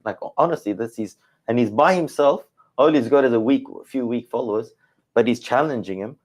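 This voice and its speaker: A man's voice: mid-range voice, brisk. A man teaching the Quran in a scholarly discussion, thinking aloud, hedging and correcting himself as he goes.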